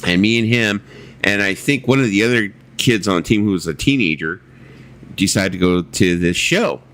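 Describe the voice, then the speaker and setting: A man's voice: on the low side, normal speed, fairly bright tone. A man hosting a casual livestream chat, telling rambling stories and reading viewer comments aloud, swearing freely. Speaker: livestream host.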